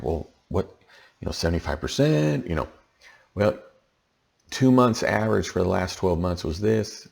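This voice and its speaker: A man's voice: sits low, gravelly, a little mellow, breathy edge. A man giving a casual tax lesson late at night, sounding tired and checking in with frequent "okay?" as he explains. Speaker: tax educator.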